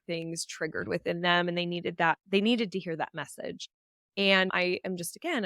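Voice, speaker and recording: A woman's voice: on the low side, a bit bright, clean tone, no room sound. Woman, solo podcast host; heartfelt and upbeat; clean, dry close-mic sound.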